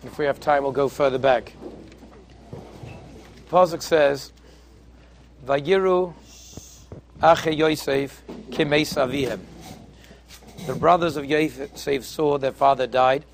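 A man's voice: medium pitch, slow, creaky, pauses often, a little hiss or hum. A man teaching a Torah class on the weekly portion, telling a story and weaving Hebrew phrases into his English.

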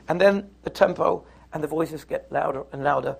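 A man teaching a Torah class, lively and conversational, who acts out little scenes in voices. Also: on the high side, normal speed, vocal fry, few pauses, slightly rough. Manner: animated, acts out the quarrel in put-on voices.

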